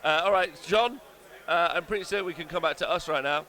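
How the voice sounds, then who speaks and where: A man's voice: on the high side, fast talker, sharp tone. A man hosting a live stream, chatting casually and joking in a rambling, teasing way. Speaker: stream host and commentator.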